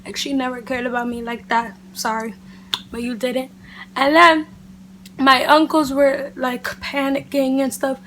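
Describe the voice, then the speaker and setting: High-voiced chatty woman telling a story. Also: unhurried, slight background noise. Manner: animated, chatty, heavy use of "like" and "literally". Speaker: beauty vlogger. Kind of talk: casual storytime chat to camera.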